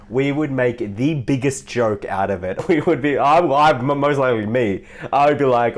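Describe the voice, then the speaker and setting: A man who coaches people on their social life, telling stories in a casual, animated way, laughing and swearing as he goes. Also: medium pitch, normal speed. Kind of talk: casual storytelling monologue.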